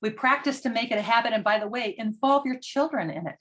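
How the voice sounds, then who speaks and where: A woman's voice: on the high side, quick pace, a bit bright. A middle-aged woman giving an earnest parenting talk, telling stories with frequent ums. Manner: earnest, storytelling with filler ums. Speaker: parenting educator. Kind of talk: presentation talk.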